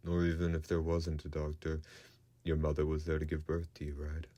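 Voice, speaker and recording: A man's voice: very deep voice, monotone, brisk, warm tone. A man voicing an earnest young woman who speaks insistently.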